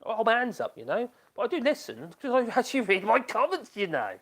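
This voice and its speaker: A man's voice: extremely high pitch, wildly swooping pitch, quick pace, a bit bright. A man hosting a casual live stream from his home workshop, chatting loosely and laughing often as he reads out and reacts to viewer comments.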